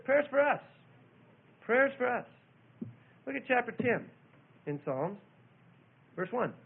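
A man preaching a sermon, telling a childhood story and then reading scripture with loud emphasis. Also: high voice, animated, a little slow, vocal fry, pauses often. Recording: tinny phone-like old recording.

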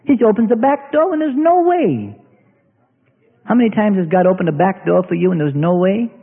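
Animated preacher, high voice. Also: male voice, normal speed. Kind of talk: sermon. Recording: tinny, echoey hall recording.

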